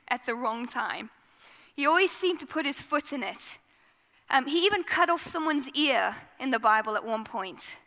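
A woman's voice: high-pitched, vocal fry, pushed and bright, in a large hall. A woman giving a conversational, earnest sermon in a church. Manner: earnest, conversational preaching with fillers. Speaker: preacher.

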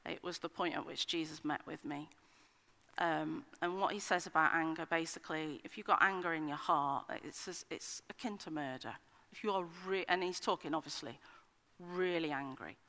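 A middle-aged woman with a deep, sharp-toned voice gives an earnest, conversational personal testimony as a sermon at a church meeting, speaking at a moderate pace. She uses frequent ums and restarts, and the hall has a long reverb.

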